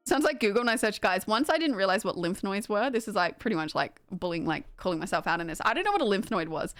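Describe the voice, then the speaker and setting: A woman's voice: medium pitch, animated, quick pace, hardly any pauses, fairly bright tone, faint music behind. A young woman, livestreaming and chatting casually with her viewers, rambling with lots of fillers and laughter. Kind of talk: casual chat with stream chat.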